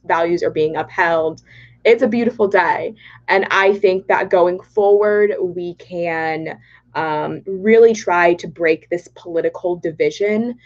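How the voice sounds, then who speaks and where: A young woman from Dallas with a Texan accent, chatting excitably on a livestream and reading viewer comments aloud. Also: on the low side. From Texas, Dallas. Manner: bubbly and excitable, reads chat aloud. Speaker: political vlogger. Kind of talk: casual livestream chat. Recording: dull lo-fi livestream audio.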